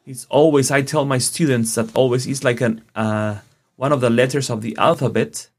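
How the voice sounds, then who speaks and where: A man with a Spanish accent, a native Spanish speaker teaching a radio language lesson, patient and slow, repeating phrases for the learner. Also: mid-range voice, fairly even intonation, a little mellow.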